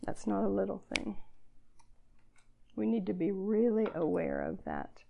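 A woman's voice: medium pitch, unhurried, creaky, noisy background. An older woman over sixty giving an earnest church talk to girls, emotional at times and self-deprecating. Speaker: speaker addressing girls at church gathering. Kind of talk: sermon.

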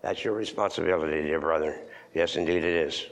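An older man preaching in a church, moving between loud emphatic lines and hushed near-whispers. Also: low-pitched, steady tone, brisk. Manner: old-fashioned scripture reading, repeats words for stress. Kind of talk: sermon.

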